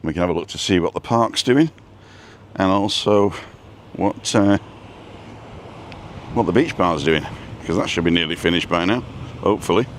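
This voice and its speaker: Strolling down a street outdoors, a vlog host streams live into a phone on a selfie stick, chatting and rambling while calling out viewers by name. His low-pitched voice moves at a moderate pace, and there's a little hiss or hum.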